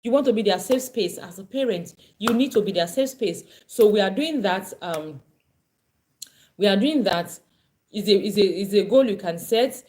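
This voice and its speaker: A woman's voice: mid-range voice, lively intonation, moderate pace, dark tone. A woman parenting coach teaching an online class, earnest and emphatic, often repeating her points.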